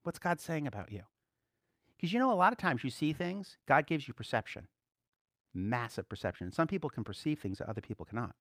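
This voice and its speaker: Animated, conversational male preacher. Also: medium pitch, fairly quick, no echo, clean studio sound. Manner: conversational preaching, rising to emphatic bursts; frequent rhetorical check-ins. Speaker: pastor. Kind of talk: sermon.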